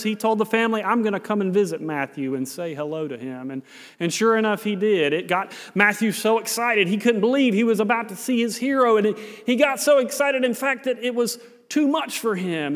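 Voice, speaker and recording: A man preaching a sermon as pastor, telling a story with dramatic pauses and repeated phrases. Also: high voice, long reverb tail.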